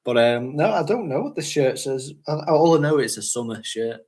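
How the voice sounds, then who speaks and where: This is a man, talking casually on a livestream. He rambles in a chatty way, laughs often, and sits at an ordinary middle pitch. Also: lively intonation, normal speed, a little mellow. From North West England. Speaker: fragrance channel host.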